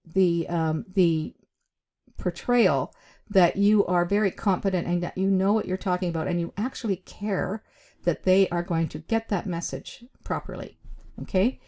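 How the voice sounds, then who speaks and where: Speaking to camera, a female job skills instructor teaches interview skills in a low, mellow voice. She goes deliberately, leaning on key words and pausing briefly, and her chatty delivery is full of "um"s.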